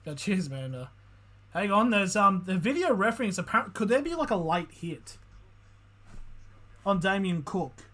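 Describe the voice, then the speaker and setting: Excitable, swearing man calling a match. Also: high-pitched, moderate pace, long pauses. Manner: excitable, swears a lot, shifts from calm calls to loud outbursts. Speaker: streamer. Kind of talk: live play-by-play reaction commentary.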